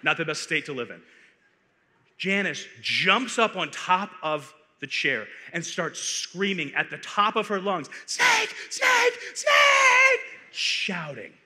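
A man from Arizona, a conference speaker, telling a funny story in a playful, animated way, on a stage microphone in a large hall. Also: fairly high pitch, measured pace. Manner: animated, playful, building comic tension. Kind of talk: comic storytelling talk. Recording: echoey hall reverb.

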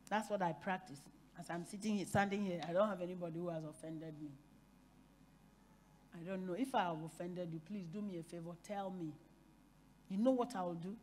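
A woman preaching a sermon, telling a story and acting out the voices in it. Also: mid-range voice. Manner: storytelling, acting out dialogue with shifting loudness.

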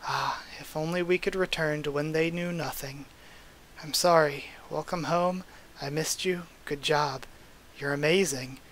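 A man's voice: on the high side, steady tone, unhurried, a bit bright, a little hiss or hum. A man reading aloud the lines of a remorseful woman, a former caretaker mother, from a comic, in his own plain voice. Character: remorseful former caretaker mother who turned against her master.

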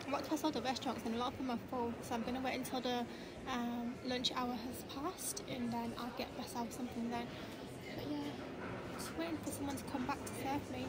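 A woman's voice: on the high side, very noisy. Chatty slightly breathless woman. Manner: chatty, rambling, many fillers and restarts. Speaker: vlogger. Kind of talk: casual vlog chat. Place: shops and home, indoors.

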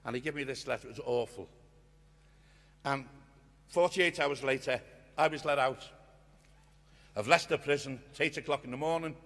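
An older man giving an impassioned storytelling speech at a union conference, earnest and swinging from hushed to loud. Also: mid-range voice, normal speed, pauses often. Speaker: guest speaker at a union conference. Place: conference hall. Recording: long reverb of a conference hall.

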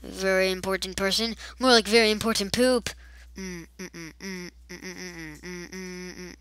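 A woman's voice: on the low side, steady tone, moderate pace, a bit bright, smooth, no room sound. A woman giving casual, rambling gameplay commentary, full of silly asides. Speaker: let's play gamer.

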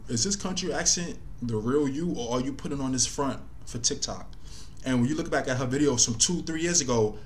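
A man's voice: medium pitch, a little hiss or hum. A man hosting a casual commentary video, talking loosely and thinking aloud with lots of fillers. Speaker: commentary host.

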